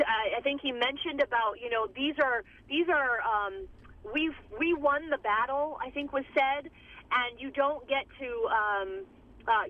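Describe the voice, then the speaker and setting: Impassioned woman on a tinny phone line. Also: sits high. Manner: impassioned, emphatic, many restarts. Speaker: interviewee, community advocate. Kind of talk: recorded interview over phone.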